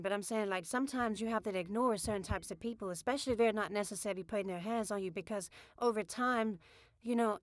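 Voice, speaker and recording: A woman's voice: mid-range voice, no room sound. A woman, rambling casually with many fillers as she gives spiritual advice on her podcast.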